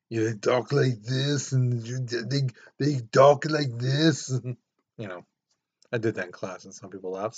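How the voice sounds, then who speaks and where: A man teaching a recorded history lesson to students in a casual, conversational way, full of "you know" fillers and quick acted-out voices. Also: fairly low pitch. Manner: animated, acts out quick voices for countries. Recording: dull lo-fi recording.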